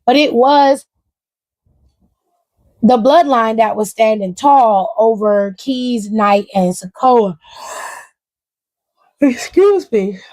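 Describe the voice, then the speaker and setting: A woman hosting a casual wrestling review, talking in an animated, profane way and acting out quotes. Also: a little high, slow, long pauses, dry recording. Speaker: wrestling show reviewer, host. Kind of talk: casual commentary.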